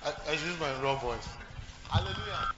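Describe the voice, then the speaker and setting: Male pastor, sermon, chatty and repetitive; higher voice, dull humming recording. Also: animated, moderate pace, loud music behind the voice. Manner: repetitive, talks to the congregation, jokes and asks questions. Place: church.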